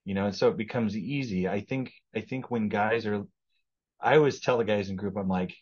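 Husky low-voiced man, earnest. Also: a little fast, lo-fi sound. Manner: earnest, speaks of faith. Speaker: podcast guest. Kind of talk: casual testimony conversation.

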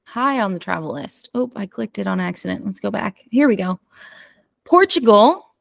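A woman's voice: medium pitch, lively intonation, moderate pace, vocal fry, no room sound. A woman co-hosting a podcast in casual chat, playfully reading out listener stats. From United States. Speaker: podcast co-host.

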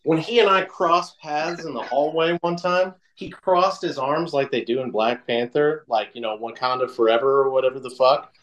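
A man co-hosting a podcast, chatting casually and telling profane, animated jokes. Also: medium pitch, moderate pace, few pauses, poor audio. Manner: animated, profane joking storyteller. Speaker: podcast co-host.

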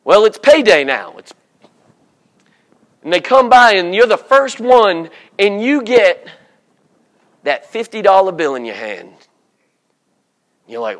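Male preacher, high voice, jokey storyteller, sermon in church. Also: big pitch swings, takes it slowly, long pauses. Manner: humorous, storytelling, acts out voices.

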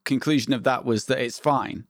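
A man's voice: medium pitch, fairly even intonation, moderate pace, dry recording. A man hosting a podcast, easygoing and bantering, asking short questions. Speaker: podcast host. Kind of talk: casual podcast chat.

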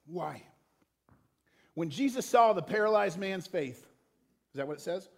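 A young adult male pastor delivering a sermon to a church room, impassioned and rising to loud emphatic peaks, with plain talk between them. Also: high-pitched, lively intonation, unhurried, vocal fry. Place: church auditorium.

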